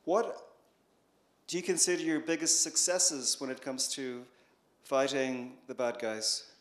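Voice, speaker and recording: A man's voice: mid-range voice, steady tone, measured pace. Conversational male interviewer in an echoey room. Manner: conversational, slightly rambling questions. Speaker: interviewer, host. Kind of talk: interview questions.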